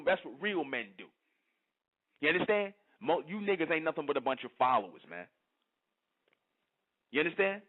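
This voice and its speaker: Man, fiery preaching monologue, keeps asking if you understand, high-ish voice, tinny phone-like audio. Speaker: channel host.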